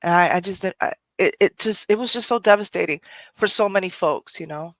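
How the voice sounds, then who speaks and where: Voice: mid-range voice, a little fast, a bit bright, no echo. A podcast host from Rico, speaking in an earnest, conversational personal monologue that often circles back and restarts phrases. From Puerto Rico.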